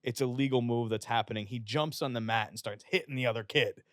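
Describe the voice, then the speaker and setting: A man's voice: mid-range voice, quick pace, dry recording, clean studio sound. A young man from West Virginia, a fitness influencer, telling stories in a casual, profane way and acting out the people he quotes. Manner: profane, animated storyteller who acts out quotes. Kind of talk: casual storytelling. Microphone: podcast studio microphone.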